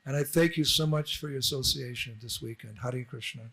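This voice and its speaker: A man's voice: medium pitch, fairly quick, creaky, heavy background noise. A man, a monk, giving an informal temple address, telling anecdotes and acting out the dialogue. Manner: storytelling, acts out dialogue with laughs. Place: temple hall.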